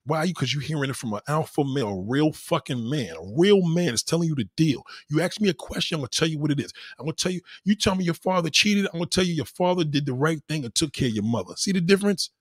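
A man's voice: fairly high pitch, expressive, quick pace, few pauses, husky, no echo, clean studio sound. A man hosting a live stream, answering his chat in a blunt, profane and boastful way. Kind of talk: casual live-stream monologue.

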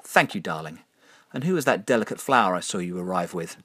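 A man doing a breathy, drawling glamorous diva. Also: low-pitched, expressive, quick pace, sharp tone, dry recording, exaggerated voice. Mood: teasing. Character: world-weary glamorous female film star, teasing.

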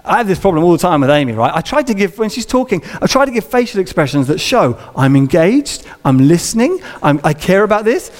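A man's voice: sits high, sing-song, brisk, hardly any pauses. A man preaching a sermon in a church, conversational and humorous, acting out little scenes. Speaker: pastor. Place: church auditorium. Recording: long reverb of a large hall.

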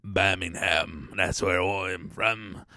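Gruff, boastful British bloke with a mock working-class English accent, low and drawn out, a man doing the voice. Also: fairly even intonation, slow pace, sharp tone, no room sound, clean studio sound, full character voice.

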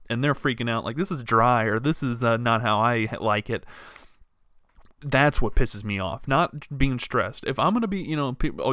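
A man's voice: mid-range voice, a bit bright, no room sound, clean studio sound. A young man hosting a podcast, ranting in a casual, profane and rambling way, full of exasperated restarts. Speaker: podcast host. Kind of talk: casual solo rant.

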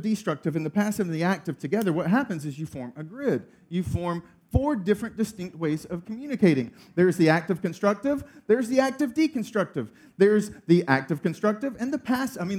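A man in his thirties preaching a sermon, telling a funny family story with lively energy. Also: sits high. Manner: storytelling, animated, laughing through funny story. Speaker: pastor.

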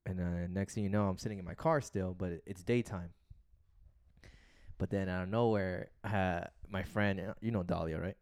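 Young guy cohost, really low voice, rambly, lots of "like" and cussing, dry close sound. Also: steady tone, moderate pace, darkish tone, clear, resonant tone, no echo. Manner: rambling storyteller, heavy filler words and swearing. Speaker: podcast co-host. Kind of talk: casual chat.

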